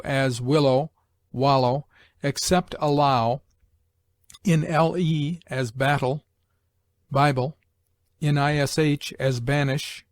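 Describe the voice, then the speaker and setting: Slow, measured man reading grammar aloud. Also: mid-range voice, dry recording. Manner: slow, measured recitation with pauses. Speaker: reader.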